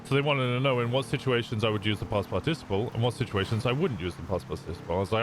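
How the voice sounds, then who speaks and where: Speaking very fast in a lowish voice, a young man chats loosely with his live stream audience, swearing often and tripping over restarts. There's a lot of noise in the background.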